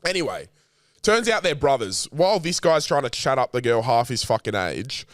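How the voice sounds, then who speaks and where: A young man telling a story on a casual podcast, animated and full of swearing. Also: medium pitch, normal speed, dry recording, clean studio sound. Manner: animated, swears often, acts out what others said. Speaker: podcast co-host.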